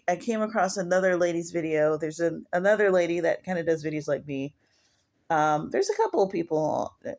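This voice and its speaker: A woman's voice: lowish voice, gravelly. A woman preaching casually in a home video, rambling and digressive, often restarting her sentences. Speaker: online prophetess.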